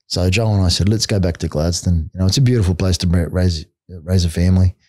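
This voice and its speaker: A middle-aged Australian man talks in a fairly low, mellow voice. He tells his stories bluntly and casually, swearing freely and scattering "mate" and "like" through his speech, like a guest on a chat podcast. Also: steady tone, quick pace, dry recording, studio quality. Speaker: podcast guest, martial arts coach.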